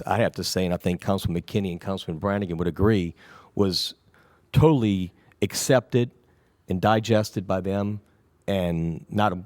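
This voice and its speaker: A man who is recovering from an illness, answering questions at a city council meeting in a rambling, reassuring way that often trails off quietly. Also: deep voice, no room sound. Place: council chamber.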